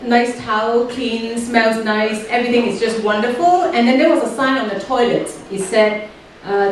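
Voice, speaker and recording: High-voiced woman doing stand-up. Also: a little slow. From Hong Kong. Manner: dry punchlines broken by frequent fillers and hesitations. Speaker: stand-up comedian. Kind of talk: stand-up comedy set. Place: comedy club stage. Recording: very echoey, distant stage mic with noise.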